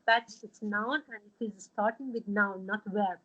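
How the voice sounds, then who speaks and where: A woman, teaching a religious studies class over a video call and explaining patiently in a halting way, full of fillers. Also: mid-range voice, pushed and bright, highs cut off.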